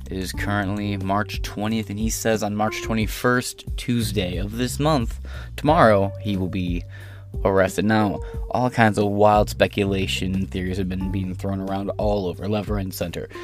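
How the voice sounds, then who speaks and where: Over soft background music, a man with a lowish voice and fairly even intonation hosts an online political commentary show at normal speed. He reads news articles aloud and breaks off into rambling, sarcastic, profane asides.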